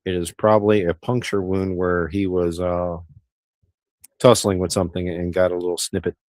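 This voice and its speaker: Here the middle-aged livestream host has a deep, darkish voice with a level tone and normal speed, recorded without echo. He ambles easily through what viewers are commenting, rambling and restarting often.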